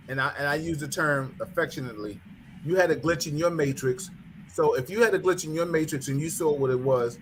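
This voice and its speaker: A man's voice: on the high side, slight background noise. A man co-hosting a talk show who keeps cutting in and repeats words as he tries to make his point. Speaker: podcast co-host.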